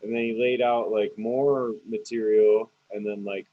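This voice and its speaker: A man's voice: fairly low pitch, little pitch movement, a little slow, no echo, narrow, tinny audio. A man chatting casually on a podcast, rambling, swearing and laughing as he talks. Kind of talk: casual chat.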